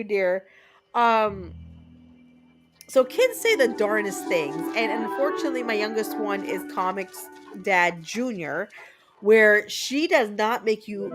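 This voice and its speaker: A woman in her thirties chatting casually with her viewers as a game streamer, telling blunt stories full of fillers and the odd curse word. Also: medium pitch. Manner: blunt, chatty storytelling with frequent fillers and cursing.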